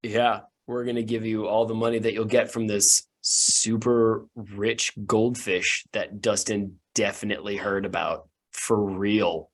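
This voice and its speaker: A man's voice: lowish voice, little pitch movement, measured pace, hardly any pauses, pitched below the performer's own voice. A man voicing a smirking, sarcastic young male troublemaker with a mocking manner.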